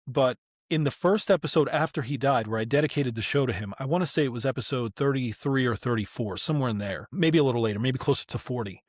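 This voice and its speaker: A man hosting a podcast, speaking reflectively in casual conversation with pauses. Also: medium pitch, dry recording, clean studio sound. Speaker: podcast host.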